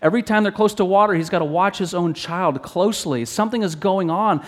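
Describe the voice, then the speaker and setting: With a brisk delivery, a man preaches an earnest, teaching-style expository sermon. His pitch goes up when he reads scripture aloud, and he often restarts his phrases.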